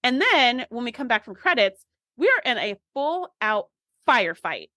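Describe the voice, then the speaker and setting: Woman, podcast co-host, casual recap chat, acts out reactions, slightly high voice, dry close sound. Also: big pitch swings, moderate pace, bright, forceful tone, no echo.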